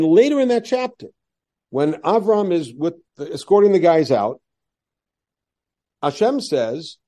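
Animated man teaching a Bible class. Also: on the high side. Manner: animated lecturer voicing quoted lines. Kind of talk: classroom lecture.

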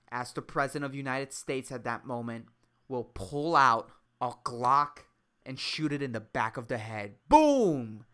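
Low-voiced woman ranting and swearing. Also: bright, forceful tone, clear, resonant tone. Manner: profane, rambling and sarcastic, says dude a lot. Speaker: podcast host. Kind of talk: solo podcast rant.

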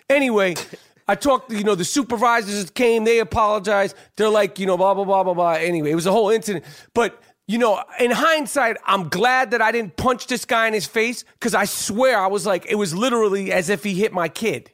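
A man hosting a podcast, telling a story in a lively, profane, casual chat. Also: high-pitched, fairly quick. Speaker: podcast host.

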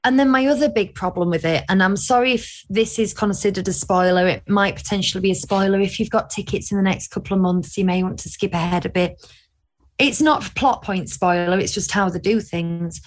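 A woman's voice: medium pitch, fairly quick. Opinionated woman podcast co-host. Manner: opinionated, animated storytelling. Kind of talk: casual review chat.

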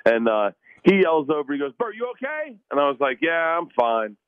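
A man from the American South, a comedian guest telling loud, laughing stories in a radio interview. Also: mid-range voice, fairly quick, clear, resonant tone, no echo, narrow, tinny audio.

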